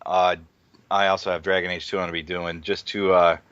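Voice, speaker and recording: A man's voice: low-pitched, flat delivery, a little fast, fairly bright tone, clear, resonant tone, dry recording. A young man in his twenties co-hosting a gaming podcast, laid-back and swearing casually. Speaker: podcast co-host. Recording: dull dry mic.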